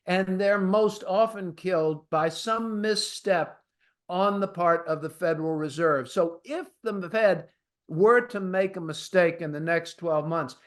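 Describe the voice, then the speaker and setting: A man hosting a markets podcast, explaining economics in a plain-spoken way and speaking directly to his listeners. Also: high-pitched. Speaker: podcast host. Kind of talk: conversational market commentary.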